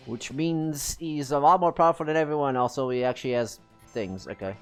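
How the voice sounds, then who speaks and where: A man streaming a role-playing game live, chatting through it in a chatty, self-amused way. His pitch swings freely up and down, and faint music plays in the background. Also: lively intonation, brisk, clean tone. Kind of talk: live gameplay commentary.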